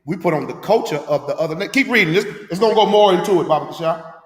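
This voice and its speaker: A man's voice: sits high, animated, quick pace, reverberant, long reverb tail. A man leading a scripture class, preaching emphatically with rhetorical questions in a street-talk manner.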